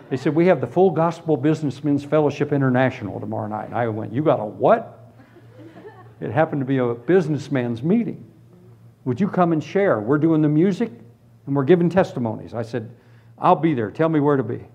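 Animated man preaching his testimony. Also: medium pitch, normal speed, vocal fry, long pauses, breathy edge, muffled recording. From Florida, US. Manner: animated storytelling, drops to hushed tones then bursts into shouts. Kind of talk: testimony sermon.

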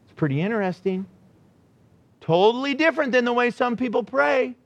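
A man preaching a sermon in a church, animated and joking, acting out the people he describes. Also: extremely high pitch, normal speed, no echo, lo-fi sound. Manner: animated, acts out quotes, joking. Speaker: pastor.

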